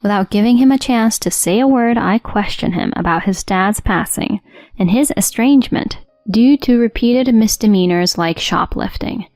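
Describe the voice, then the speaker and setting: A woman narrating a first-person story in a cold, steady, matter-of-fact way. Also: mid-range voice, moderate pace, dry recording. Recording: dry studio voice-over with soft music.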